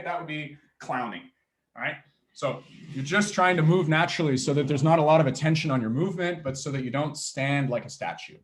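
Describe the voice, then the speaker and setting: Fast-talking energetic male pitch coach. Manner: energetic, talks fast with many "okay?" and "all right?" tags. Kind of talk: workshop talk on pitching.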